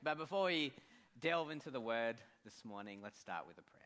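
A male pastor with an accent delivering a sermon in a bright, clear tone. His pitch moves widely, rising and falling with feeling. He speaks with heartfelt warmth and pauses when emotion catches him. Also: sing-song. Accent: non-American accent.

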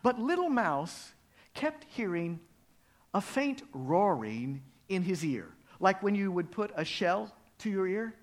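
A man preaching a sermon, telling a story in a dramatic, expressive way. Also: high-pitched, slow pace. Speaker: pastor.

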